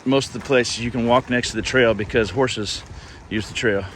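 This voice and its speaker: A man's voice: medium pitch, fairly even intonation, normal speed, a bit bright, slight background noise. A man vlogging on a coastal hiking trail, rambling casually to his camera as he walks. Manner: rambling, chatty, talking to the camera. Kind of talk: casual chat while hiking.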